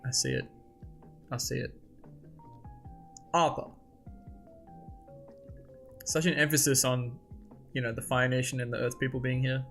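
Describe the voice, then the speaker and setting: A man hosting a casual comic read-along, reacting excitedly and thinking aloud as he goes. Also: mid-range voice, a little slow, long pauses, soft background music. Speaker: host.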